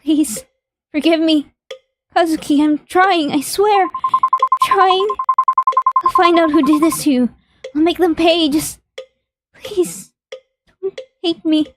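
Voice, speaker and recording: Pleading widow voiced by a gamer girl, high shaky voice, guilt-ridden and teary, faint music behind. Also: brisk, hardly any pauses, mellow. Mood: desperate pleading. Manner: pleading, tearful, breaking voice. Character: grieving young widow, guilt-ridden and desperate.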